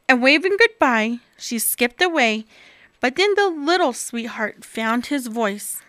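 A woman reading a children's picture book aloud with expressive, animated delivery. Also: a little high, a little slow, no echo, studio quality. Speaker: storyteller.

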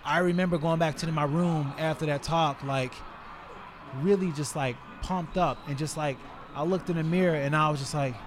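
A man in his forties, a retired fighter, tells stories as a podcast guest in an animated, casual way, with many fillers. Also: fairly high pitch, moderate pace, background noise. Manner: animated, filler-heavy, acts out scenes with raised voice. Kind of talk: casual storytelling in conversation.

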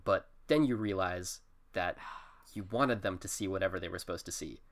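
A man co-hosting a casual podcast who runs tabletop games, speaking hesitantly with many pauses and restarts. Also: low voice. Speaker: podcast co-host, game master. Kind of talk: casual chat.

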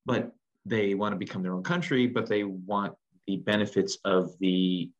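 A man from the United States co-hosting a casual chat, animated and jokey, wandering off on tangents. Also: sits low, normal speed, muffled recording. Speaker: podcast co-host.

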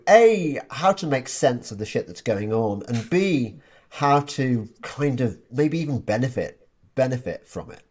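A man's voice: medium pitch, darkish tone. A man hosting a podcast interview in a casual, chatty way, often repeating words as he restarts his sentences. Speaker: podcast host.

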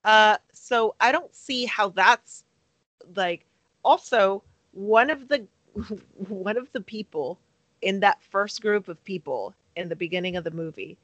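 A woman's voice: mid-range voice, measured pace, fairly bright tone, dry recording, poor audio. A woman co-hosting a comedic movie podcast, speaking a little hesitantly with giggly asides. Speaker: podcast co-host. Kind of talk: casual comedic podcast chat.

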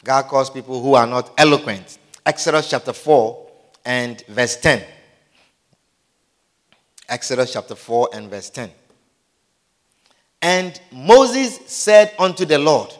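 Male preacher, high lively delivery, repeats lines, asks the room if they understand; long hall reverb. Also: unhurried, long pauses. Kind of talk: sermon.

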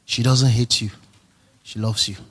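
A male pastor preaching a sermon, emphatic and repetitive, swinging from soft to near-shouting. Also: medium pitch, fairly even intonation, a little slow, slightly rough.

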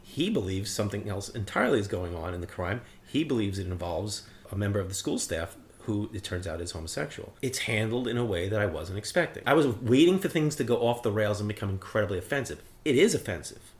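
A man's voice: fairly low pitch, animated, fast, hardly any pauses. A man co-hosting a podcast, talking casually and at length about a film, rambling and swearing freely. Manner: rambling, profane, opinionated. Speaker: podcast co-host reviewing a film.

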